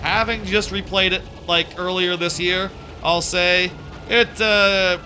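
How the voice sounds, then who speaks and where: A man's voice: high voice, fairly even intonation, slow, sharp tone, a little hiss or hum. Sardonic, rambling man streaming a game. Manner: rambling and sardonic, with frequent stammered restarts. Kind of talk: casual gameplay commentary.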